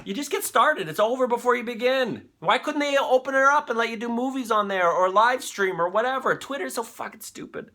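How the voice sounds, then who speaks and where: A man's voice: very high voice, fairly quick, hardly any pauses, sharp tone. A man hosting a live-stream show in loose, rambling chat, swearing freely and talking to his viewers.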